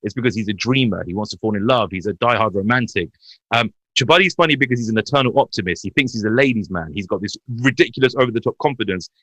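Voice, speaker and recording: Fast animated man. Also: slightly rough, no echo, poor audio. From Hounslow, West London. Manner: animated, swings in pitch while telling anecdotes. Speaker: podcast guest, comedian. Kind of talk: lively storytelling chat.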